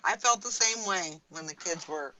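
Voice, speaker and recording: An older woman co-hosts a morning radio show, talking in a loose, sleepy, chatty way. Her voice has a bright, forward ring to it. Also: lowish voice, animated, normal speed, poor audio. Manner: sleepy, chatty, laughs easily. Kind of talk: casual radio chat.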